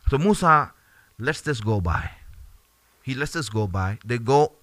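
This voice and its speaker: A man teaching a religious lesson in an animated, conversational way, often dropping in fillers between his points. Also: medium pitch, unhurried, dry recording. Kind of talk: storytelling sermon.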